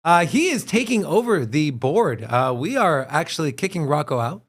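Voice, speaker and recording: Lively high-voiced man ranting on a livestream. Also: normal speed. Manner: animated, ranting and joking. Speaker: co-host of a crypto livestream. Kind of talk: casual livestream chat.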